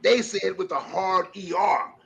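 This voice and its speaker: A man's voice: high-pitched, steady tone, moderate pace, vocal fry, fairly bright tone, husky. A man on a podcast livestream giving impassioned commentary, preaching with rhetorical questions. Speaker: panelist. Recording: dull lo-fi stream audio.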